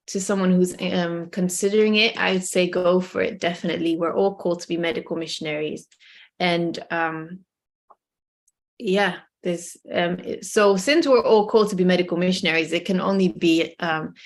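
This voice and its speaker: Soft-spoken Dutch-born woman, low-pitched. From Netherlands. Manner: earnest, many pauses and um's. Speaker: guest, medical missionary. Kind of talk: interview answers.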